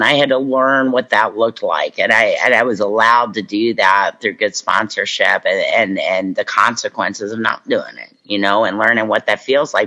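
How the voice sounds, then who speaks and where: A woman from Kentucky giving a personal recovery talk, telling stories with lively acted-out dialogue. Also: very deep voice. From Kentucky, USA. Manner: animated storytelling, acts out quoted voices. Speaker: speaker at a recovery convention. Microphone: online talk.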